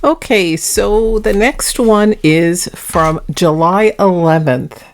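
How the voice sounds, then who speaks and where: Earnest woman with a lowish voice. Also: takes it slowly, slight background noise. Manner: chatty, earnest, explains each clip before playing it. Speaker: paranormal vlog host. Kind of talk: casual vlog narration introducing clips.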